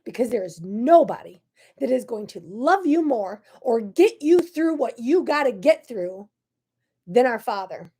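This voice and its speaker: A woman hosting a faith talk show, preaching to camera in a fiery, candid way that swings between loud outbursts and hushed asides. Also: fairly high pitch, very animated, a little slow, husky. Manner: candid and self-deprecating.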